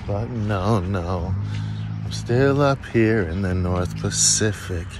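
A man rambling through a jokey, absurd street vlog outdoors, swearing and breaking into sudden squeaky outbursts. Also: takes it slowly, loud music behind the voice. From Canada. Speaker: vlogger. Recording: outdoor street noise and traffic.

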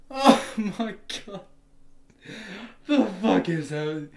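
A male livestreamer thanking donors on a live stream, stammering and swearing in disbelief, with sudden bursts of shouting. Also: sits high, a little slow, long pauses.

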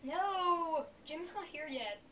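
A teenage girl chatting with friends, playful and deadpan while making a prank phone call. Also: very high voice, slow pace, a little hiss or hum. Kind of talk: casual chat among friends.

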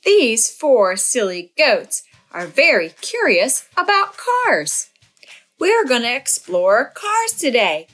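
A woman's voice: a little high, huge pitch swings, slow, fairly bright tone, faint music behind. A woman hosting a children's library storytime, playful and sing-song as she reads aloud and leads rhymes.

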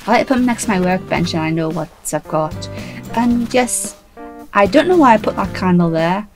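A woman's voice: mid-range voice, animated, normal speed, faint music behind, rough recording. A woman casually commenting while playing a video game, chatty and self-mocking, still a bit sleepy. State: sleepy, trying not to yawn. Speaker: gaming YouTuber.

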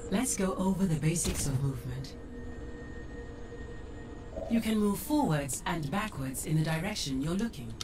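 A woman voicing a calm female AI training guide in a video game, speaking in a measured, instructive way. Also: low-pitched. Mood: guiding. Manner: measured, instructive, even-toned. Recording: distant game audio with loud music.

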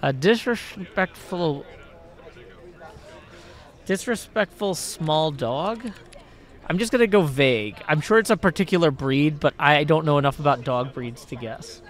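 A man's voice: fairly high pitch, a little slow. Rambling man thinking aloud on stream. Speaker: player. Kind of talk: casual livestream chat.

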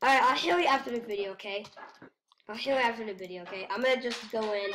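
A high-voiced girl chats away while playing a game with a friend, turning excitable and repeating herself when things get tense. The recording has a clear hiss of background noise. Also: quick pace, rough recording. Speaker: gamer. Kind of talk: casual gaming chatter. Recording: home mic with steady noise.

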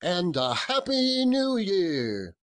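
A man voicing a cheerful, earnest young nephew in a storybook reading, pleading with soft laughs. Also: high voice, huge pitch swings, takes it slowly, voice pushed up, full character voice. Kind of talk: audiobook character voice.

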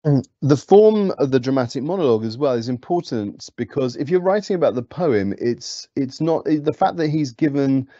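A man's voice: medium pitch, expressive, moderate pace, dark tone, dry recording, muffled recording. A man teaching a poetry lesson, explaining patiently with frequent ums and restarts, in a British accent. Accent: British English. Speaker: English teacher. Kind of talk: lecture.

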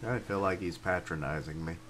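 A man's voice: sits low, fairly even intonation, a little fast, background noise. A man hosting a let's play, giving casual, joking commentary and swearing freely. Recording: game music playing behind.

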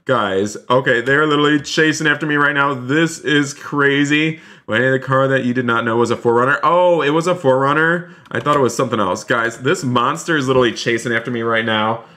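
A man live-streaming a role-play game, excitable, talking straight to his chat. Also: medium pitch. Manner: excitable, keeps addressing the chat as "you guys".

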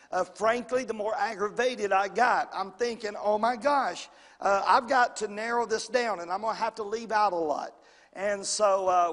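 This pastor's voice sits high and sounds a bit bright as he delivers a homespun sermon in a church sanctuary. He calls for responses from the congregation and repeats phrases, all under a long hall reverb.

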